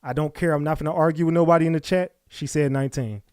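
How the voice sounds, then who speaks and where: A man with a slightly raised pitch argues with his live chat, bluntly and profanely, insisting he is right. His voice is dry and close to the microphone, with no room sound. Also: fast talker, darkish tone, clear, resonant tone, no echo. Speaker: streamer reacting to clips. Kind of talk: casual reaction commentary.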